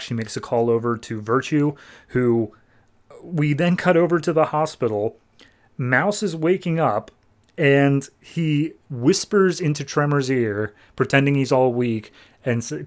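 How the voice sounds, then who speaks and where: A young adult man, a podcast co-host, casually recapping a comic book plot and throwing in quick acted-out quotes from the characters. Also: mid-range voice.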